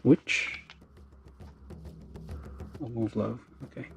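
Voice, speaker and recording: Brief: gravelly-voiced man, slow and mumbling, streaming a model build with music underneath. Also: mid-range voice, fairly even intonation. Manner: mumbling, thinking aloud, many fillers. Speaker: model kit livestreamer. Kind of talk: casual talk while building. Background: background music.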